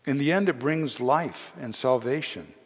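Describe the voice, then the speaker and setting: A man's voice: medium pitch, a little slow, breathy edge. Earnest male preacher in a reverberant hall. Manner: earnest preaching with rising emphasis on key phrases. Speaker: pastor. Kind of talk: sermon.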